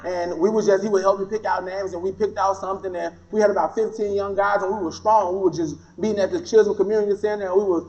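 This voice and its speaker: A man's voice: sits high, steady tone, fast talker, hardly any pauses, a little mellow. A man giving a personal testimony talk, telling his story with animation and acting out what others said. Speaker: guest speaker. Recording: dull lo-fi recording.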